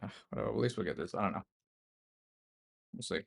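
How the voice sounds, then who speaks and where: A man's voice: lowish voice, fast, vocal fry, husky. A man with an Australian accent streaming chess, mumbling his thoughts and chatting to viewers between moves in a self-deprecating way. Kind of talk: casual live-stream commentary while playing chess.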